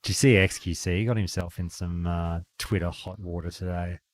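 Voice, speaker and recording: Chatty, swearing man, deep voice. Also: fairly even intonation, moderate pace. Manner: chatty, swearing, acts out anecdotes. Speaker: streamer and podcast host. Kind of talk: casual chat on a game stream. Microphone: desk microphone.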